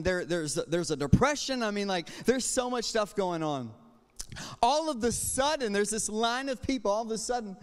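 A man's voice: sits high, clean tone. A young man, a youth pastor, preaching a passionate sermon and telling a story with casual asides. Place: church sanctuary. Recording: long hall reverb, church sanctuary.

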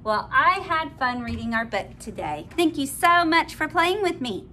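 A woman hosting a children's story time, reading a picture book aloud to a baby in a gentle sing-song voice with delighted gasps. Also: high-pitched, very animated, unhurried, slight background noise.

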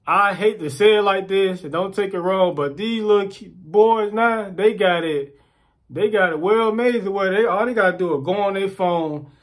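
A man ranting casually to the camera, acting out quoted voices and repeating himself as he tells stories. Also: sits high. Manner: animated storytelling, acts out quoted voices, repeats words. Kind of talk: casual rant.

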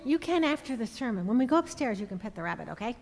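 A woman's voice: fairly high pitch, very animated, fast talker, gravelly. A woman giving a playful children's message in church, chatting with a puppet friend. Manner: playful, sing-song talk to children. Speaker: children's sermon leader. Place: church sanctuary. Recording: long church reverb.

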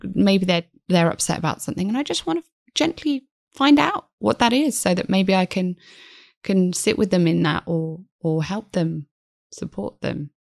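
A woman's voice: on the low side, normal speed, creaky, no echo, clean studio sound. A woman guest psychotherapist talking in a podcast interview, earnest and reflective, restarting her sentences often.

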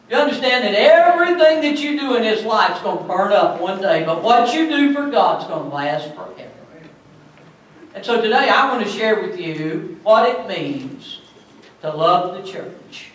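A man pastor preaching a sermon in a church, building to loud emphatic bursts. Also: high-pitched, expressive, moderate pace. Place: church sanctuary. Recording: very echoey church from far off.

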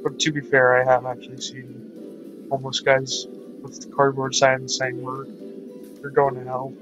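A man hosting a let's-play, reading a visual novel aloud with animated, reactive commentary. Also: medium pitch, unhurried, highs cut off, over music. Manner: animated, laughs and reacts loudly.

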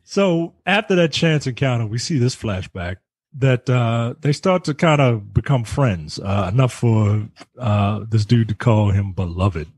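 A man hosting a casual film review podcast, recapping scenes in a halting way with many ums and uhs. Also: medium pitch, animated, a little mellow, breathy edge, dry recording, studio quality.

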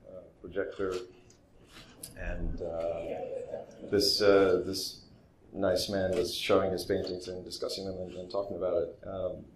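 A man's voice: sits low, a little mellow, slight background noise. A man speaking as a guest at an art expo, telling a story casually with many fillers, restarts and self-deprecating humor. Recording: roomy echo with faint ambience.

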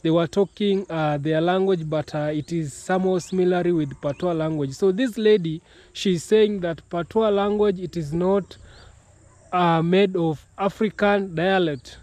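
Slow, halting young man hosting a channel. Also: high-pitched, darkish tone, no echo. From Kenya. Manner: slow, halting, many restarts. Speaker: YouTube reaction host. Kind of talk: casual reaction commentary.

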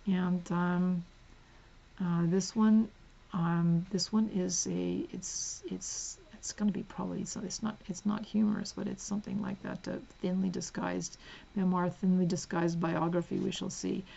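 A woman's voice: lowish voice, level tone, unhurried, creaky, rough recording. Chatty, giggly book-haul woman. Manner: chatty, giggly, drifts into soft whispers while reading spines. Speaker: book vlogger. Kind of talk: casual book haul vlog. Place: home.

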